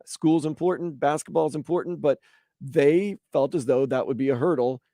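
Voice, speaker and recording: A man's voice: fairly high pitch, moderate pace, dry recording, clean studio sound. A man hosting sports talk radio, chatting casually and acting out hypothetical quotes. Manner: animated, acts out quotes in voices.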